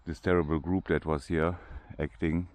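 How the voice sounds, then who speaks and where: A man's voice: extremely low pitch, little pitch movement, normal speed, darkish tone, dry recording. A man with a German accent narrating a casual walking tour outdoors, often restarting his sentences as he searches for English words. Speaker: vlogger. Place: outdoor cemetery.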